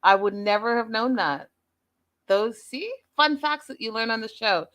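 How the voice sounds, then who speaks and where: A woman's voice: fairly high pitch, expressive, unhurried, fairly bright tone. A woman hosting a reality show recap stream, chatting casually with her live audience and laughing often.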